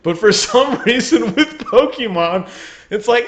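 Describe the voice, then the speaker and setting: A man's voice: sits high, expressive, measured pace, a little hiss or hum. A man chatting casually on a gaming podcast over a remote call, joking and laughing often. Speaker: podcast co-host.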